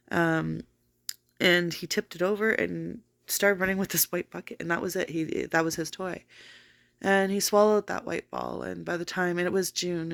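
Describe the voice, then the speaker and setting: A woman's voice: sits low, gravelly, a bit bright. A woman telling a long personal story in a casual vlog, rambling with many fillers. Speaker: vlogger.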